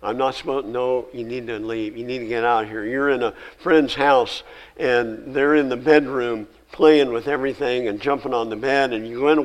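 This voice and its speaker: A male pastor preaching a sermon, reading scripture with rising emphasis and dropping to quiet, conversational asides. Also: mid-range voice, normal speed, low-quality recording.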